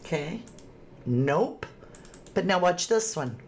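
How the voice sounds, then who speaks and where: On her casual true crime livestream, a woman talks slowly in an animated, lowish voice, with a bit of hiss or hum in the audio. She reads viewer comments aloud, chatting and often laughing.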